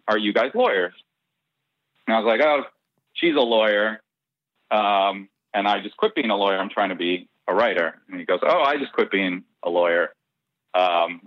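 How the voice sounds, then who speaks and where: A man telling a personal story in an interview, bringing the dialogue to life and breaking into laughter. His voice sits fairly low and is recorded dry and dull, with a slightly lo-fi sound. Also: no room sound. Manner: animated anecdote with quoted dialogue and laughs. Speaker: interview guest. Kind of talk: casual storytelling.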